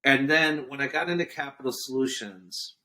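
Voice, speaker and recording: A male podcast guest, an entrepreneur, recounts a business story in an interview, speaking at medium pitch and a moderate pace. He's an animated storyteller who acts out what other people said.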